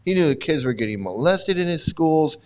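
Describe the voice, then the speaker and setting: A man's voice: fairly high pitch, animated, a little fast, darkish tone. Blunt, rambling older man commenting. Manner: blunt, profane, rambling with restarts. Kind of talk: casual commentary.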